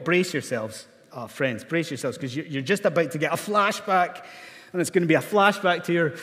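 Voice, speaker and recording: A Scottish man preaches a sermon in a high, lifting voice, drawing the congregation in with repeated questions. His words hang in the long reverb of a church sanctuary. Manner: rhetorical questions to the congregation, rising to emphatic peaks. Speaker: pastor.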